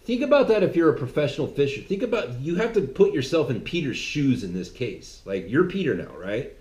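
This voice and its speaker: Animated man preaching, echoey room. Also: medium pitch, brisk. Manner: animated, mocking, conversational. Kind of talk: sermon-like monologue. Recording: roomy echo.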